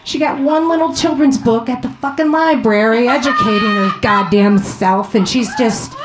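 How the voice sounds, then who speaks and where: A woman in her thirties from Ohio doing a profane, animated stand-up comedy set. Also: a little high, moderate pace, echoey room. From Ohio, USA.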